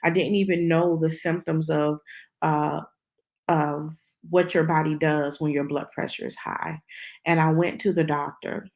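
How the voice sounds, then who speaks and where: A middle-aged woman from the southern United States shares a personal testimony with the earnest pull of a storyteller. Her voice sits a little low for a woman, and she slips into the voices of the people she quotes. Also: flat delivery, unhurried, a little mellow. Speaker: host.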